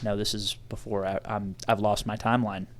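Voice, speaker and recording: A man's voice: lowish voice, flat delivery, a little fast. A young man co-hosting a casual podcast chat, rambling loosely through his thoughts. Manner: casual, rambling, says "dude". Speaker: podcast co-host.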